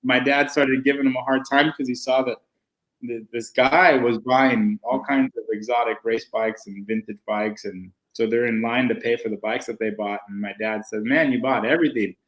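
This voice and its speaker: A man's voice: mid-range voice, normal speed, low-quality recording. A man, a winemaker guest, chatting casually and telling anecdotes with lots of restarts. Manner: animated anecdotes with acted quotes, many restarts. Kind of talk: casual storytelling chat.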